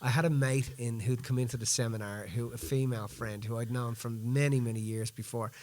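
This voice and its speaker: A man, co-hosting a podcast and telling a story in an animated, rambling way. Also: medium pitch, brisk. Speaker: podcast co-host. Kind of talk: casual storytelling chat.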